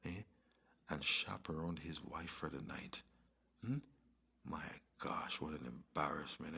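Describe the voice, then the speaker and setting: A man giving rambling spiritual commentary, lecturing and checking in with listeners, often dropping into a hushed whisper. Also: a bass voice, fairly even intonation, a little slow, vocal fry, husky. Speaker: religious commentator. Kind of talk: rambling spiritual commentary over video clips.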